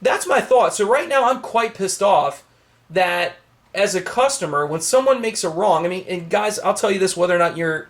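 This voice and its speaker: A young man, a knife collector, ranting to camera from his small home office, heated and emphatic, with swearing. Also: sits high.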